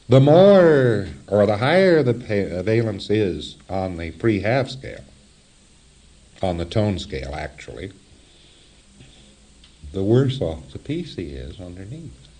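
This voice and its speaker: A man giving a spoken lecture in an animated, wry way with chuckling asides. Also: fairly low pitch.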